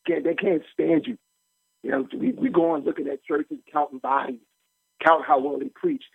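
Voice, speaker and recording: A man preaching a radio sermon as pastor and host, animated and folksy, often laughing as he teaches. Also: a little high, moderate pace, creaky, husky, dry recording. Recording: tinny phone-like line, dry.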